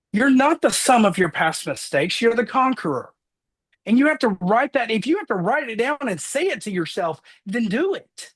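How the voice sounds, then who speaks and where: A man in his thirties giving an earnest motivational talk, energetic as he tells personal stories on a call. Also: high-pitched, husky. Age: 30s. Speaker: motivational speaker.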